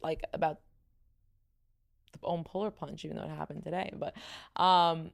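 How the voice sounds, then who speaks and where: A woman's voice: low voice, fairly even intonation, normal speed, gravelly. A young woman with a New York accent, hosting a casual podcast, tired and rambling, laughing often. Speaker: podcast host. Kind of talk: casual chat.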